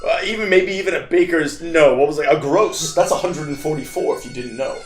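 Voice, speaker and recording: A man playing a character in a tabletop game, speaking in a measured, formal and dryly wry way. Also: fairly high pitch. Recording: roomy sound with music behind.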